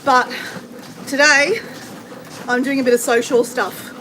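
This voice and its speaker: A woman's voice: high voice, steady tone, measured pace. A middle-aged Australian woman hosting a casual livestream while walking on a treadmill, chatting with viewers and answering their comments. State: walking on a treadmill, slightly effortful. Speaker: livestream host. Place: home with renovation banging. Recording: noisy background with banging.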